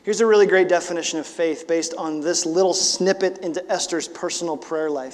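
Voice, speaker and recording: A pastor in his forties preaches with a high, bright-edged voice, moving between casual asides and emphatic bursts. His words ring out with a long reverb trailing behind them in the hall. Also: brisk, few pauses. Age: 40s. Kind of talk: sermon.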